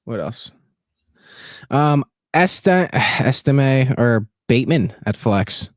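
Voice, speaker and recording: A man's voice: mid-range voice, animated, takes it slowly, dry recording, clean studio sound. A man co-hosting a live stream in casual banter, joking and teasing. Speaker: stream co-host.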